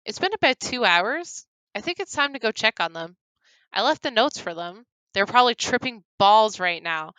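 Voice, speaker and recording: A woman's voice: a little high, expressive, moderate pace, sharp tone, no echo, low-quality recording. A woman reading as a crude, callous man who talks in a casual, mocking way. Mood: amused.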